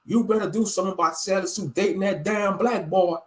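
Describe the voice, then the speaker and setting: A man's voice: sits high, a little fast, close to an everyday voice. A man voicing a disapproving, bigoted old grandfather who scolds indignantly. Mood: scolding.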